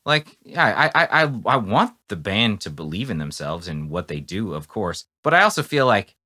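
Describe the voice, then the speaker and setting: A man co-hosting a podcast in casual chat, animated and sarcastic, restarting sentences often and swinging between loud bursts and mumbles. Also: on the low side, normal speed. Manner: many restarts and fillers. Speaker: podcast co-host.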